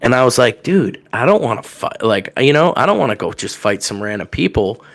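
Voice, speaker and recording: A young man from telling a rowdy story on a podcast, acting out the people in it with loud raised voices. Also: mid-range voice, fairly quick, gravelly. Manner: animated, acts out quotes with loud raised voices. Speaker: podcast guest telling stories. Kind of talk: casual storytelling.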